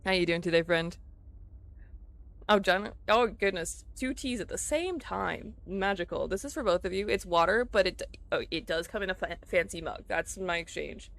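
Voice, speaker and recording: A woman's voice: mid-range voice, normal speed, creaky, hardly any pauses, fairly bright tone. A woman streaming a video game, chatting casually and laughing easily with her viewers as she plays. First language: English. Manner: chatty, giggly, easily distracted. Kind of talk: casual gameplay chat with viewers.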